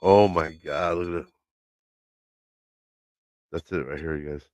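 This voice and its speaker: Deep-voiced man telling a casual live story. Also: steady tone, unhurried, a little mellow, clear, resonant tone, no room sound. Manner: loose storytelling, swearing, acts out quotes. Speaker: livestream host. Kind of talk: casual live-stream chat. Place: home, by his laundry room.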